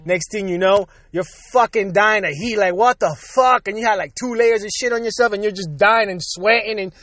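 A man's voice: sits high, normal speed, a bit bright, dry recording. A man from Puerto Rico hosting his own show, ranting casually and profanely and laughing between lines. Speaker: podcast host. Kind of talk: casual solo rant.

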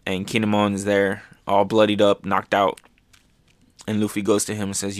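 A man hosting a show, casually recapping manga chapters with excitement, often dropping to a soft voice. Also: on the low side, moderate pace, dry recording. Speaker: podcast host.

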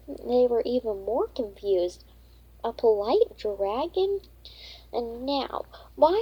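Breathy woman reading a storybook. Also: on the high side, highs cut off. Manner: halting, often rereads words. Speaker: storybook reader. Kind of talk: reading a children's book aloud.

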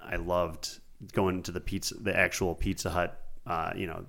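A man with a very low voice co-hosts a podcast in easy, casual chat. He tells his stories in long, looping sentences full of "like" and "you know.". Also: flat delivery, normal speed, vocal fry, a bit bright. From Buffalo, New York. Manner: rambling storyteller, many "like" fillers. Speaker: podcast co-host.

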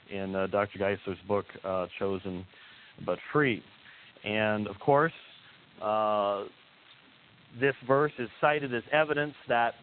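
A man giving a teaching lecture, emphatic and hesitant in turns, with frequent "uh" fillers and points repeated for weight. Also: medium pitch. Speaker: theology lecturer. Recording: tinny lo-fi recording with faint hiss.

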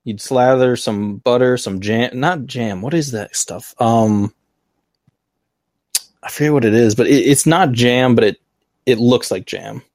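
A man's voice: mid-range voice, a little slow, a little mellow, no room sound, studio quality. An American man hosting a casual video-call chat, easygoing and chatty. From United States. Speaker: podcast host.

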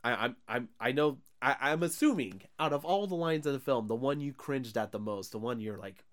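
Lively man recapping a movie. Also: mid-range voice, fairly quick. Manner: animated, laughing, recapping scenes. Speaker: podcast co-host. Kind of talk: casual chat, movie review.

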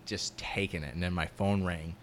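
A man's voice: deep voice, normal speed, a little hiss or hum. A man who works as a construction foreman, telling rambling, profane stories in casual chat. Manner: profane, rambling, animated storyteller.

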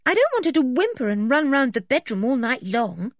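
A woman voicing a sensible young girl in a storybook reading, speaking in a high, bright girlish voice. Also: sing-song, brisk, no room sound, clean studio sound. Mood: puzzled.

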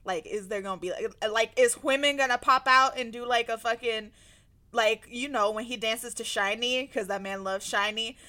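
A woman co-hosting a podcast, chatting casually in slangy, animated talk with some swearing. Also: fairly high pitch, moderate pace. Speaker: podcast co-host. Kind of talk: casual chat.

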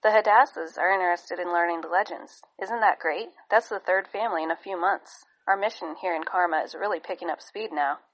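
A woman's voice: fairly low pitch, a little fast, few pauses, fairly bright tone, low-quality recording. Woman doing a young father, cheerful, enthusiastic, matter-of-fact.

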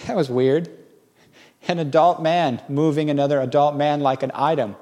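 With a voice on the high side and a moderate pace, this middle-aged pastor delivers his sermon through folksy storytelling. Whenever he quotes someone, he gets animated in short bursts.

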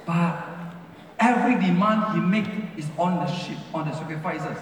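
High-voiced preacher in an echoey hall. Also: male voice, normal speed, recorded from a distance, a little hiss or hum. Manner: preaching with non-native English grammar; rising and falling emphasis, repeats phrases. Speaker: pastor. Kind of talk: sermon. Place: large church hall.

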